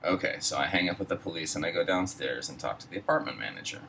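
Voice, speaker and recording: A man's voice: low voice, animated, quick pace, gravelly, far from the mic, background noise. A man casually telling a personal story, rambling and profane, heavy on fillers. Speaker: storyteller host.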